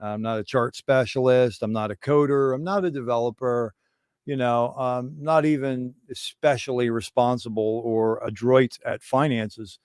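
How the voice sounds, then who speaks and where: A man rambling through irreverent, conspiratorial banter as he hosts a casual livestream chat. His voice sits at an ordinary mid pitch. The sound is dry and close, with no room echo. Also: steady tone, normal speed, a little mellow, clean tone. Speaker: livestream host.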